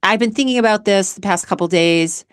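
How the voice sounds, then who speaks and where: A woman's voice: mid-range voice, fairly quick, clear, resonant tone, dry recording. A woman hosting her own show, talking casually and earnestly about relationships in a rambling, emotional way, close to tears at times. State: tearful at times. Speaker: podcast host. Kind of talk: casual personal monologue.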